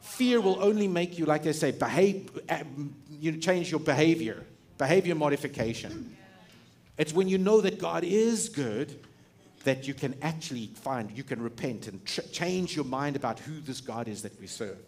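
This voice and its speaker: Middle-aged guy preaching, lively and chatty, keeps restarting sentences. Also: on the high side, moderate pace. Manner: animated and conversational, with frequent restarts and laughs. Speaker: pastor. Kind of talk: sermon.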